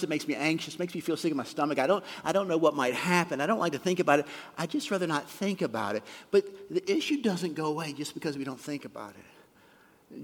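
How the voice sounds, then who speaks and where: A man preaching a sermon, moving between soft, hushed asides and loud, emphatic lines. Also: on the high side, breathy edge. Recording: long reverb of a large hall.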